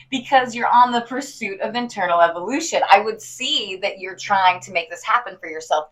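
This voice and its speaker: Bright, effusive female podcast host. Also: mid-range voice, rough recording. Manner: effusive, laughs often, says "like" a lot. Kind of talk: casual spiritual chat.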